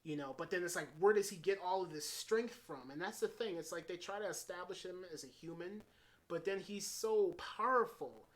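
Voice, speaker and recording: A man giving a casual spoken film review, excitable and swearing freely as he runs through scene after scene. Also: a little high. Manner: excitable, swears freely, strings events with "and then". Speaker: movie reviewer.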